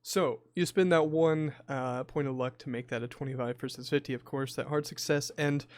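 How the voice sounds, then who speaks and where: A man running a tabletop horror game as game master, describing scenes slowly with frequent filler pauses. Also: mid-range voice, steady tone, dry recording.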